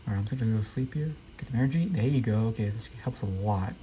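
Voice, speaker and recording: A young man giving live, excitable commentary while playing a video game, often repeating quick exclamations. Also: fairly low pitch, faint music behind, poor audio. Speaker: gameplay streamer.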